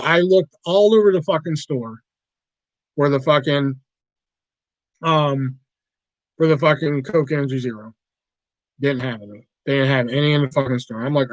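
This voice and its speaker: A man's voice: fairly high pitch, animated, moderate pace, no room sound, low-quality recording. Rambling, cursing man on a livestream. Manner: rambling, profane, easily riled. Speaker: livestream host. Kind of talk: casual livestream chat.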